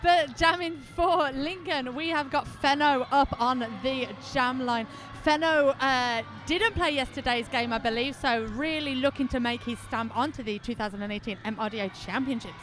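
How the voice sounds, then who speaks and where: A woman's voice: sits high, moderate pace, hardly any pauses, a bit bright. A woman from New Zealand commentating a roller derby game live, chatty and playful, bantering with her co-commentator.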